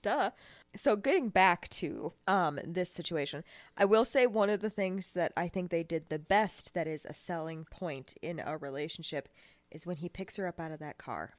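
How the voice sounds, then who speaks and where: Low-voiced woman, animated podcast chat. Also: normal speed, dry recording. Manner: animated storytelling, quotes people loudly. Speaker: podcast co-host. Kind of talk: casual chat.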